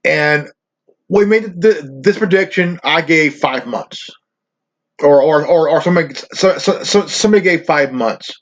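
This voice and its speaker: A man's voice: a little high, a little slow. A man hosting his own channel, ranting profanely in a rambling, stammering way. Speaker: channel host. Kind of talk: ranting vlog. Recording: dull lo-fi recording.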